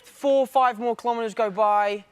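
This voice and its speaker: A man's voice: very high voice, moderate pace, noisy background. A young man in his twenties with an English accent, chatting playfully as an interview guest and telling stories. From England. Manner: playful storyteller, animated. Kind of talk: casual interview chat. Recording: faint music underneath.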